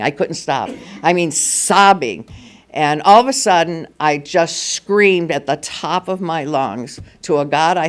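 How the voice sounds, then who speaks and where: A woman in her seventies sharing her personal recovery story at a meeting, candid and wry, acting out the dialogue as she goes. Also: low voice. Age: 70s. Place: meeting hall before a live audience.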